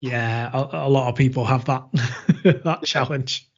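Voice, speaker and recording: A man's voice: medium pitch, steady tone, measured pace. A man co-hosting a gaming podcast in casual chat, laughing easily. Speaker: podcast co-host. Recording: dull lo-fi podcast audio.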